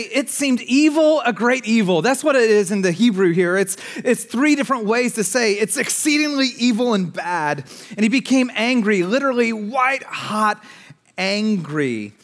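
A man preaching a sermon to a congregation in an energetic, conversational way, swinging between loud outbursts and hushed asides. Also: high-pitched. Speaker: pastor. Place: church in front of a congregation.

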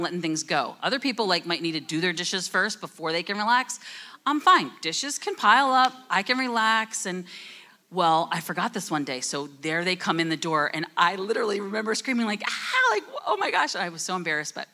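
A woman's voice: lowish voice, bright, forceful tone. A middle-aged woman with a New Jersey accent, talking freely and often laughing as a guest in a church panel conversation. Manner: talkative, chatty, laughs often.

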